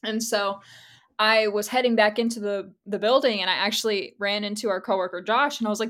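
A woman's voice: medium pitch, a little fast. Chatty young woman co-hosting a podcast. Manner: chatty, laughs often, animated storytelling. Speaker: podcast co-host. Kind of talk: casual chat.

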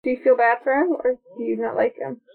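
A woman co-hosting a casual chat about a film she is watching, excitable and reading out her notes. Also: fairly high pitch, fast, creaky. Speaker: podcast co-host. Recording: tinny phone-like sound.

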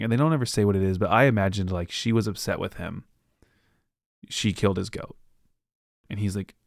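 Casual low-voiced podcast host. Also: male voice, dry recording, clean studio sound. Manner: rambling, acts out characters with quick voices. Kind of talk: casual book recap monologue.

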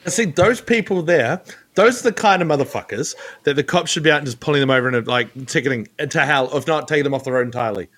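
A man's voice: medium pitch, fast talker. A man in a casual podcast chat, ranting with lots of swearing as a guest co-host. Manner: profane, animated ranting.

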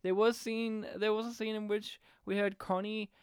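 A man's voice: high voice, normal speed, clean tone, no echo, clean studio sound. A man co-hosting a podcast, chatting casually about a movie and acting out lines from it with lots of swearing. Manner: animated, sweary, acts out quotes. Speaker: podcast co-host reviewing a movie. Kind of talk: casual chat.

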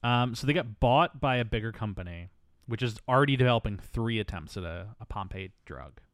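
A man co-hosting a casual movie review chat, wry and quick to poke fun at what he watched. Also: mid-range voice, no room sound, clean studio sound. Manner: lively, wry, quick to mock. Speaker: podcast co-host.

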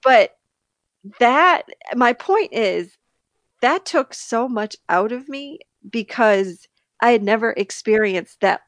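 A woman co-hosting a podcast, telling a personal story in casual chat, animated and candid, with laughs slipping in. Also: a little high, slow pace, no echo. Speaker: podcast co-host.

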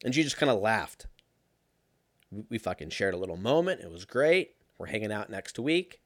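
A young man telling a casual story in a sarcastic, profane, animated way. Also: on the low side, normal speed, no echo, studio quality.

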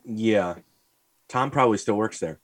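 A young man co-hosting a podcast, swearing freely and telling animated rants full of mimicked voices. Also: on the low side, measured pace. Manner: profane, animated storytelling; rants and mimics people in stories. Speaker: podcast co-host. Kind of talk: casual chat.

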